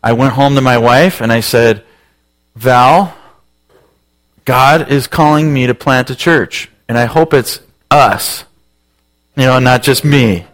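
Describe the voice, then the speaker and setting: Animated pastor telling a funny story. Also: male voice, mid-range voice, slow, pauses often. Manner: animated, self-mocking storyteller acting out voices. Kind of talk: storytelling sermon.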